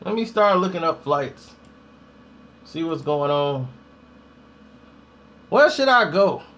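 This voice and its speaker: A man's voice: a little high, expressive, slow, fairly bright tone, highs cut off. A man ranting casually to the camera with slangy talk, telling funny stories and laughing often. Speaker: vlogger. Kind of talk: casual comedic rant to camera.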